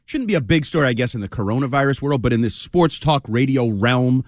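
A man's voice: mid-range voice, lively intonation, a little fast, no echo, studio quality. A man co-hosting sports talk radio, blunt and scornful in his opinions.

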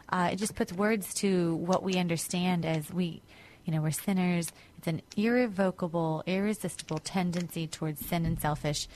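A woman co-hosting a Bible talk show, conversational and quick to affirm. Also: mid-range voice, a little mellow, a little hiss or hum. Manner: frequent affirming murmurs, conversational. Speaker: co-host. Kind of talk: unscripted Bible discussion.

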